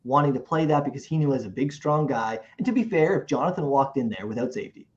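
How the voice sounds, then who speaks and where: A man co-hosting a show in casual chat, talking in an animated way, often restarting and repeating himself. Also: medium pitch, quick pace. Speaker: podcast co-host. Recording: muffled lo-fi recording.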